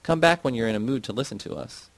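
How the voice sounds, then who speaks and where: A man voicing a calm, insistent woman friend in a read-aloud novel, speaking firmly and a little higher than his own voice. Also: fast, no echo, close to an everyday voice.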